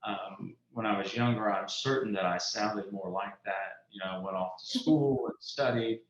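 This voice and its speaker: A very low-pitched man in his fifties from South Louisiana. He talks in an easygoing, storytelling way as an interview guest. The audio is roomy and slightly dull, like a remote call. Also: normal speed. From South Louisiana, USA. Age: 50s. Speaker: author guest. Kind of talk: casual interview conversation. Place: indoors at home.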